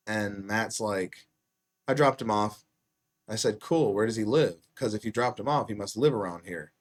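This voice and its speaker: This is a man hosting a casual podcast, recounting a story in a slightly low voice. He swears freely and acts out each quoted line with sudden loud bursts. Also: normal speed. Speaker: podcast host.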